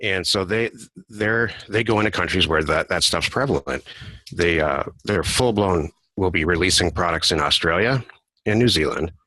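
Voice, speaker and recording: A man's voice: sits low, normal speed, sharp tone, dry recording. A man co-hosting a podcast in casual conversation, rambling and correcting himself as he talks. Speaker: podcast co-host.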